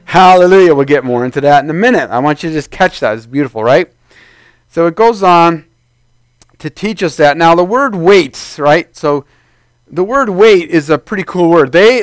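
Male pastor, high-pitched, dry close sound; casual sermon delivery with acted-out quotes. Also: smooth, dry recording. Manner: conversational preaching, acts out quoted voices.

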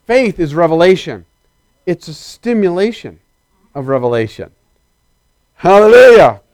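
A male preacher delivering a sermon, animated and emphatic, questioning his congregation directly and swinging between loud excitement and quiet earnestness. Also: fairly high pitch, moderate pace, smooth, no echo.

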